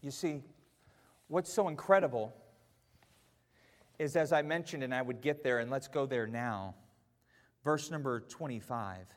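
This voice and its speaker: A man preaching a sermon in a church auditorium, wearing a mic, chatty and self-mocking, swinging from quiet asides to shouted peaks. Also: mid-range voice, normal speed, pauses often, big-room sound. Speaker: pastor.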